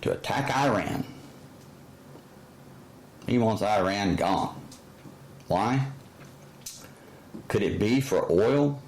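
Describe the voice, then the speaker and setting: Man, very deep voice, slow delivery, sarcastic commentary monologue, halting speech. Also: lively intonation, a little mellow, slight background noise, rough recording. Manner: heated, sarcastic, halting with many fillers. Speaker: channel host.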